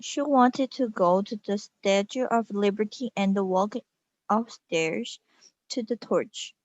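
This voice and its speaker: A woman whose first language is Korean reads a storybook aloud in a slow, careful way, with small restarts. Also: medium pitch, no echo, muffled recording. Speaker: reader.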